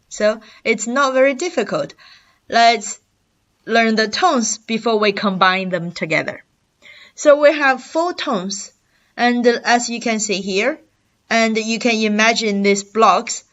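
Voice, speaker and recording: Slow, bright-voiced woman teaching pronunciation. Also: medium pitch, lo-fi sound. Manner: slow, careful delivery, demonstrating syllables aloud for repetition. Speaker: Chinese language teacher. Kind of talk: recorded language lesson.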